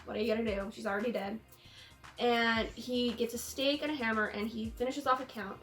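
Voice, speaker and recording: A young woman hosting a casual film discussion, animated and sarcastic, often laughing. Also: on the high side, brisk, faint music behind. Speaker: host.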